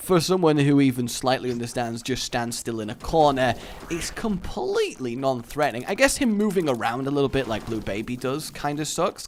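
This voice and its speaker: A man's voice: mid-range voice, a little hiss or hum. A young man giving joking let's play commentary, talking back to the game characters as he plays. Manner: joking, talks to game characters, lively swings in loudness. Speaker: gaming commentator.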